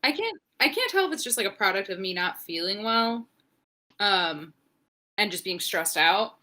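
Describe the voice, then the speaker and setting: A young woman co-hosting a wrestling podcast, chatting casually in an animated, sarcastic way with plenty of swearing. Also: medium pitch, normal speed. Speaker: podcast co-host. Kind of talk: casual wrestling recap chat.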